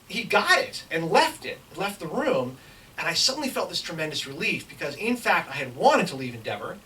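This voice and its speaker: A middle-aged man tells a comic story to a lecture audience, and his pitch leaps and dips as he acts out each line. He sounds set back from the microphone. A steady hiss of background noise runs under his voice. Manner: animated storyteller acting out other people's lines. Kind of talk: comic anecdote told to a live audience. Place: lecture hall with a live audience. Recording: distant mic with clear background noise.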